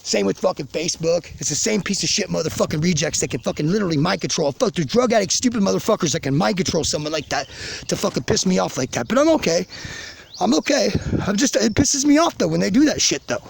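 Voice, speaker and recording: Tipsy man, gravelly raised voice, rambling profane rant to camera. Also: high-pitched, animated, fast. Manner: swearing constantly, rambling and angry. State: drinking, tipsy. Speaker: vlogger ranting to his channel. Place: outdoors in the country near a garage.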